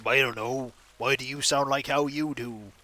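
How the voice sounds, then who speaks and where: A man's voice: medium pitch, fairly even intonation, normal speed, sharp tone. A man streaming a video game, rambling through jokey, self-mocking asides. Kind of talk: casual gaming stream commentary.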